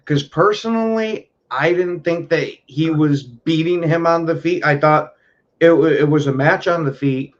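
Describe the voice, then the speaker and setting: A man co-hosting a podcast in casual chat, speaking in a measured, conversational way. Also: a little high, highs cut off. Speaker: podcast co-host.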